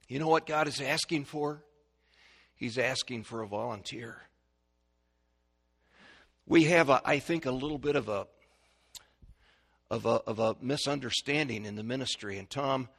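A middle-aged man preaching a sermon as pastor, animated, acting out the voices in his stories. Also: mid-range voice, creaky.

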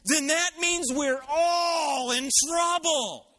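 A man voicing a loud, volatile drunk stranger who blurts out and repeats everything he hears. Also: very high voice, very animated, moderate pace, in a large hall, pitched above the performer's own voice, exaggerated voice. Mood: shouting. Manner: blurting, repeats things loudly.

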